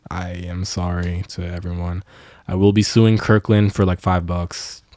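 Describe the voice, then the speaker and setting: A man's voice: deep voice, monotone, measured pace, a little mellow, dry recording, studio quality. A young man co-hosting a podcast, telling stories in a loose, profane, casual chat. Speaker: podcast co-host.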